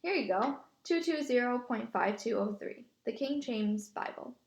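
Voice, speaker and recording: Brief: woman reader as calm sensible boy, light fry. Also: extremely high pitch, normal speed, heavily acted. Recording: echoey room.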